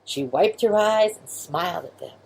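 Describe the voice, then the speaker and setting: Children's storyteller, woman; low-ish, husky, very animated read-aloud. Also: normal speed. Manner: expressive, gentle, with sound effects.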